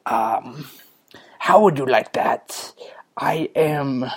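A man doing a playful pirate captain voice, slow and half-whispered, on a podcast. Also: medium pitch, expressive, breathy edge, exaggerated voice. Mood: hammy.

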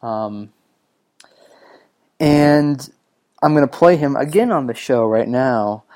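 A man from New Mexico talks to his podcast audience between songs, taking his time and filling gaps with ums and uhs. His tone is casual and self-amused, and his voice sits at an ordinary middle pitch. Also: animated, slow, mellow. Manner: rambling, filler-heavy, self-amused. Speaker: music podcast host. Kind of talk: casual solo podcast talk.

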